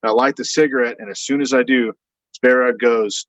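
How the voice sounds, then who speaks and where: Brief: male podcast guest, mid-pitched, rambling and animated storyteller, dull dry sound. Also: fairly quick, no room sound. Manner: rambling, animated retelling with quoted voices and frequent fillers. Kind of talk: casual anecdotal storytelling.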